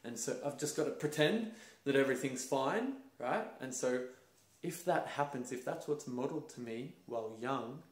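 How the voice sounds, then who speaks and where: A man's voice: medium pitch, moderate pace. A young man hosting a casual talk, telling stories with energy and acting out other voices. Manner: animated storytelling, acts out voices and laughs. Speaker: host. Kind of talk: casual conversation about masculinity. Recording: roomy echo.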